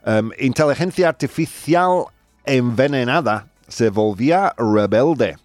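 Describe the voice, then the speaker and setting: Lively, animated male radio host. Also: medium pitch, dry recording. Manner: animated, laughs often, switches into Spanish translations. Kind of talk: casual radio chat, reading news items.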